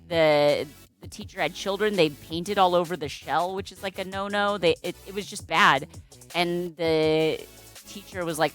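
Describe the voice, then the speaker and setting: A woman's voice: lowish voice, a bit bright. A woman hosting a casual livestream as a balloon artist, chatty and playful, greeting viewers and making puns. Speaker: balloon artist streamer host.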